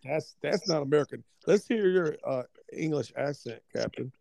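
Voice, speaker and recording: Man, co-host, casual chat, gravelly fry, halting, repeats words. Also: a little high, expressive, warm tone, no echo.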